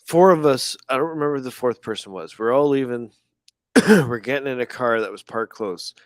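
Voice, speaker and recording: A man telling a story on a podcast, animated and profane, laughing often. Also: medium pitch, brisk, no echo. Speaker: podcast guest. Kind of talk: casual storytelling chat.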